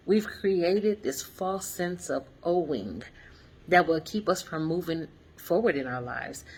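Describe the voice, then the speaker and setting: This woman's voice is low with a breathy edge. In her forties, she vlogs casually and reflectively from a hotel room, sharing a personal story with viewers in an earnest tone full of fillers.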